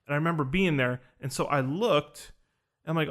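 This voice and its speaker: A man's voice: fairly high pitch, normal speed, fairly bright tone. A young man casually telling a personal story on a podcast, earnest and rambling, full of fillers and restarts. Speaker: podcast host recounting a ceremony.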